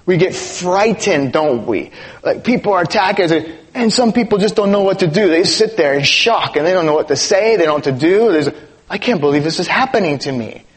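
A middle-aged man from East Los Angeles preaching a sermon as pastor, conversational and animated, often asking the congregation rhetorical questions. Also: high voice, a little fast.

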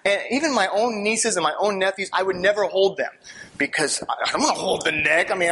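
A man sharing a personal testimony with an audience, storytelling in an animated way, laughing and swinging from hushed asides to excited outbursts. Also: high voice, brisk, slightly rough.

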